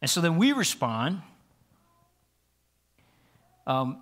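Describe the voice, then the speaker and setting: A man's voice: mid-range voice, very animated, slow, long pauses, fairly bright tone. A man preaching a conversational sermon in church, earnest and often restarting his phrases. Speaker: pastor. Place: church sanctuary.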